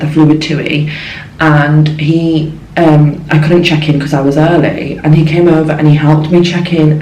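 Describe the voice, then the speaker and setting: A woman's voice: sits low, mellow, slight background noise. A young woman, chatting emotionally and effusively in a casual travel vlog from her hotel room. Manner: chatty, gushing and emotional, lots of fillers. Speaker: vlogger. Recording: echoey room with faint ambience.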